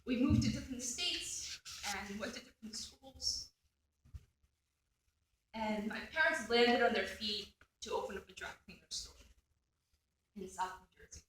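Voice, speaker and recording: A woman's voice: a little high, measured pace, long pauses, a bit bright, a little hiss or hum. Earnest woman in her 40s giving a hearing statement, sounds far off in a big echoey room. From South Korea. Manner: earnest, laughs at own stories. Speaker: judicial nominee. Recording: echoey room, picked up from afar.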